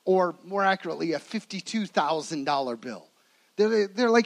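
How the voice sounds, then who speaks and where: A man with a fairly high voice delivers a sermon as a vivid retelling. He leans hard into some phrases and drops almost to a hush on others, pulling listeners into the scene. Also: animated, moderate pace, poor audio. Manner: dramatic storytelling, swinging between emphatic and hushed. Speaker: preacher.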